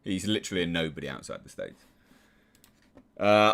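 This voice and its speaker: A man's voice: low voice, lively intonation, normal speed, creaky, pauses often, a bit bright. A man with an English accent giving casual, sarcastic commentary, exasperated and swearing freely. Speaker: YouTube commentator.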